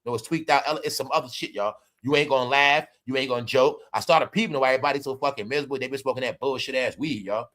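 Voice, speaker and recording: A man hosting a livestream, talking loudly in rambling, profane commentary, often saying "y'all". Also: medium pitch, fast, hardly any pauses. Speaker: livestream host. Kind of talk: profane stream-of-talk commentary.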